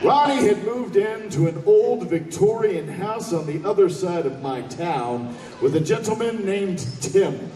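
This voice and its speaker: A man telling a comic story on stage in a convention hall, animated, profane and laughing. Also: high-pitched, unhurried, a crowd in the background. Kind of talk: stand-up storytelling. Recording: echoey hall from far off.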